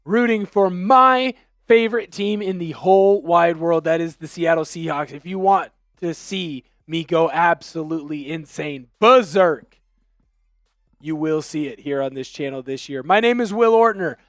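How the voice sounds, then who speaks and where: A young man from Vancouver, Washington, hosts a rowdy live sports fan stream and yells when his team scores. His voice sits high, and it is recorded close and dry with almost no room sound. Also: no room sound. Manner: rowdy, yelling, fast fan banter.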